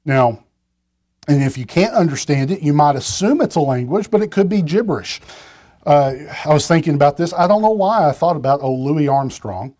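A man's voice: on the high side, animated, moderate pace, darkish tone. Man preaching a conversational sermon. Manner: conversational preaching with frequent restarts and asides. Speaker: pastor.

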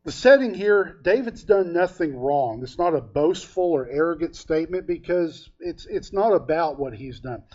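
Folksy preacher, muffled recording. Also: male voice, on the high side, expressive, normal speed, few pauses, darkish tone. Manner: folksy storytelling with frequent hesitations. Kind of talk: conversational sermon. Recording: dull lo-fi recording.

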